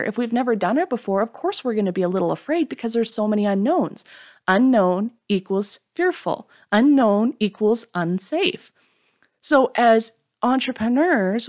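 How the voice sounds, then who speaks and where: A woman's voice: on the high side, darkish tone. Upbeat woman hosting a solo podcast. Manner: frank and upbeat, acts out her inner voice in quick asides. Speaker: podcast host. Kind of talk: solo motivational podcast talk.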